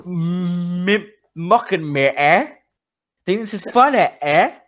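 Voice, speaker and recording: A game master voicing a male tavern keeper with a Canadian accent, who ends nearly every sentence with a questioning "eh" and talks up higher and louder than their own voice. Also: animated, slow pace, a little hiss or hum. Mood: folksy.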